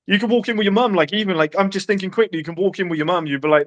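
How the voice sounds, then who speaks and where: A man giving brash, profane dating advice in casual podcast chat. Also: sits high. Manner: brash, swearing, quick one-liners.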